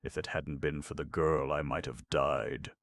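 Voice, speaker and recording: A man's voice: rumbling low, fairly even intonation, measured pace, fairly bright tone, no room sound, exaggerated voice. A man voicing a surly, bitter male burglar who growls threats and demands. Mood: growling.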